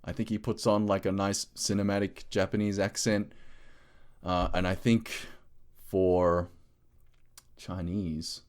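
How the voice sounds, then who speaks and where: A man with a fairly low voice chats loosely as a podcast co-host. He rambles and hedges, with "like" scattered through his sentences. The talk is relaxed and unscripted. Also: a little slow, pauses often. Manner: rambling, full of "like" fillers. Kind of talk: casual podcast chat.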